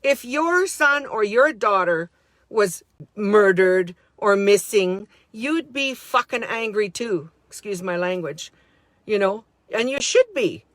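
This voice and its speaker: A woman's voice: medium pitch, dry recording, clean studio sound. A middle-aged woman speaking an unscripted, heartfelt monologue to her handheld camera, indignant and repeating herself as she talks. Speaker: vlogger.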